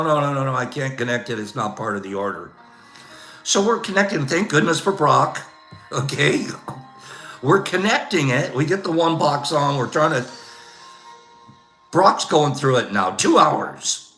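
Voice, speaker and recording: Older man, livestream host, bright voice, echoey room, chatty storyteller. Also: on the high side, lively intonation, unhurried, pauses often, faint music behind. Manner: chatty storyteller, laughs often, says "Okay?". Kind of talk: casual livestream chat.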